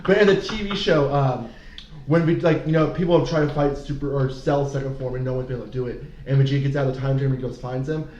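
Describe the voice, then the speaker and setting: Quick, cursing male podcast co-host in a roomy space with faint background hiss. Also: medium pitch. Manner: fast, profane, animated storytelling. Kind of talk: casual chat. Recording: echoey, dull room audio with faint noise.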